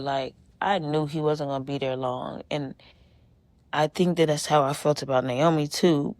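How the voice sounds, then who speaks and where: A woman's voice: sits low, a little mellow, no echo. A woman, hosting a podcast and telling a personal story in a candid, emotional, conversational way with many fillers. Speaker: podcast host. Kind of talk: casual storytelling monologue.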